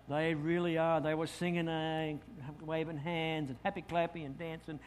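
A man's voice: on the high side, moderate pace, hardly any pauses, a little hiss or hum. Australian man preaching with storytelling flair. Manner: lively storytelling, acts out his own thoughts. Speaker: pastor. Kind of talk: sermon storytelling.

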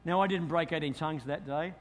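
A middle-aged Australian man, a pastor telling a lively story in a sermon and acting out his own thoughts. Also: fairly high pitch, quick pace.

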